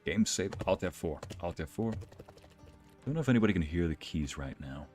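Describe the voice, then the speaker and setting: A man's voice: deep voice, expressive, fairly quick, darkish tone. A man streaming a video game, chatting casually with viewers, reading their messages aloud and joking around. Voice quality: playful, chatty, reads chat aloud and jokes. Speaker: streamer and narrator. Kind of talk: casual live-stream commentary. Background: game music.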